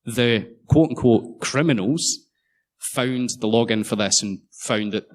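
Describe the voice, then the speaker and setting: A man's voice: mid-range voice, measured pace. A man giving a conference talk, jokey and sarcastic, swearing freely. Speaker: conference speaker. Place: conference hall.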